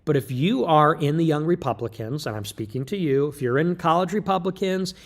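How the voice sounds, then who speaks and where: A man's voice: on the high side, expressive, brisk. A man delivering an emphatic, lecturing livestream monologue, loose and joking in tone. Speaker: livestream commentator.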